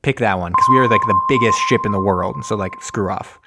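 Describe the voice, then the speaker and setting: A man in casual chat, recapping a film plot and acting out the characters' lines in quick voices. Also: on the low side, heavy background noise. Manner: rambling, acts out scenes in quick voices. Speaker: podcast host recapping a film.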